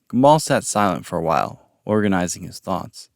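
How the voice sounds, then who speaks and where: A man narrating a story podcast in a calm, measured reading voice. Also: deep voice, gravelly, dry recording, clean studio sound. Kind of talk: audiobook-style story narration.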